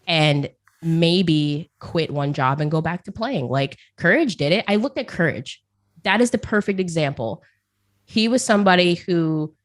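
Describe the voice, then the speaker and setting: A woman guest in a casual interview, rambling and chatty, often laughing and repeating words as she talks about her work as a caster. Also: fairly low pitch. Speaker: esports caster, podcast guest.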